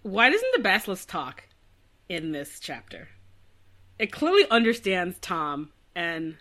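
A woman's voice: lowish voice, huge pitch swings, a little slow, a bit bright. A woman co-hosting a podcast, chatting casually and joking about a book. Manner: joking, often acts out silly voices of characters. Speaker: podcast co-host. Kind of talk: casual comedic book discussion.

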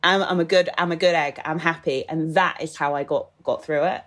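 A woman's voice: sits low, fairly even intonation, a little fast, a bit bright. A woman in her thirties from England, talking frankly and animatedly as a podcast guest, swearing casually. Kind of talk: candid podcast conversation.

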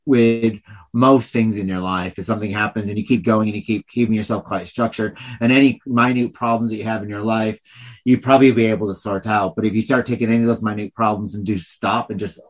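A man with a fairly low voice talks reflectively in a casual podcast conversation. He rambles a little and leans on filler phrases as he works through his thoughts. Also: steady tone, brisk. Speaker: podcast co-host.

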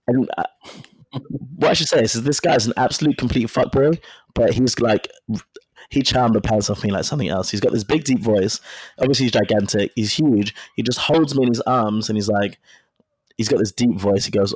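Man telling a frank, animated story. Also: mid-range voice, quick pace, no room sound. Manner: animated storytelling, acting out quoted dialogue; frank and profane. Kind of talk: casual chat.

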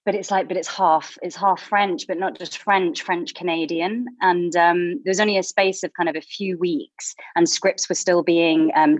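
A woman from Blackpool, an actress guest on a podcast, telling stories in a chatty, animated way with many asides. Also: on the low side, no room sound, highs cut off. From Blackpool, England. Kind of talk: interview.

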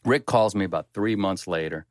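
A man's voice: sits low, fairly quick, no echo, studio quality. Man in his fifties telling rambling stories. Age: 50s. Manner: rambling, self-deprecating, with frequent restarts. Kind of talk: casual storytelling chat.

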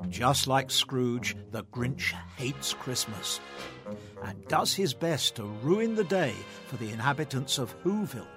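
A man's voice: mid-range voice, expressive, unhurried. A man presenting a scripted segment in an informative manner, with faint music underneath. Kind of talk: scripted narration.

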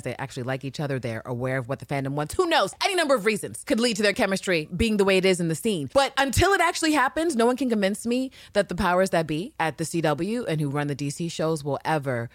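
A woman's voice: mid-range voice, no echo, clean studio sound. A woman co-hosting a fan podcast, ranting with emphatic, repeated questions and swearing. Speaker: podcast co-host. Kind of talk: heated fan podcast rant.

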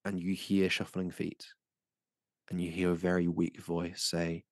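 Brief: low, gravelly man, steady game master narration, close and dry sound. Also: no echo. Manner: measured, descriptive narration.

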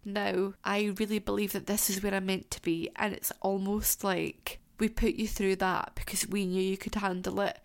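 A woman's voice: mid-range voice, flat delivery, moderate pace, creaky, hardly any pauses, clear, resonant tone. A young adult woman hosting a solo podcast, talking in a heartfelt, emotional and rambling way. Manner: rambling, tangent-prone. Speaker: podcast host.

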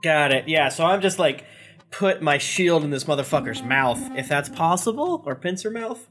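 A man playing a tabletop game, quick and hyped, cursing as he describes his moves. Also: on the high side, animated, fairly bright tone. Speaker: player. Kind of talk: casual chat while playing a tabletop game.

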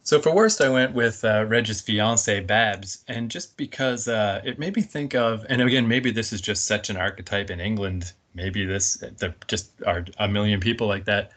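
Lowish-voiced guy chatting about movies, rambly, laughs a lot. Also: moderate pace, few pauses, a bit bright. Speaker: podcast guest. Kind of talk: casual film discussion.

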